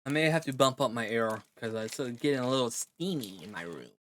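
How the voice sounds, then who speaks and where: A man casually opening and reviewing trading cards at home, reading card text aloud haltingly and reacting as he goes. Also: mid-range voice, lively intonation. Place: own room at home.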